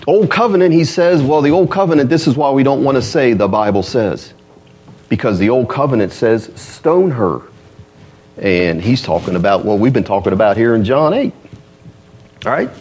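Animated husky male preacher. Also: medium pitch, fairly quick. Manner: animated, rhetorical questions, acts out quoted voices. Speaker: pastor. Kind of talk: sermon.

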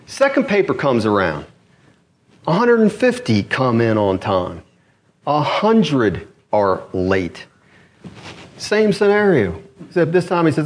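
A male pastor preaching a sermon, telling a story with quoted voices and swinging from raised to low, quiet delivery. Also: unhurried. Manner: rising and dropping pitch, animated storytelling with quoted voices. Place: church.

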